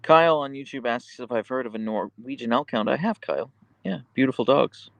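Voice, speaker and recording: Give me a lowish man with a gravelly voice, casual livestream host reading comments, pitch jumping around a lot. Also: animated, a little fast, fairly bright tone, dry recording. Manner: goes high and cooing when talking to his dog.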